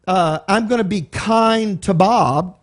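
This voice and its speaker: Texan guy with a high voice teaching bible class, chatty, keeps asking the room stuff. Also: slow pace. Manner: conversational, explains word by word, asks the room questions.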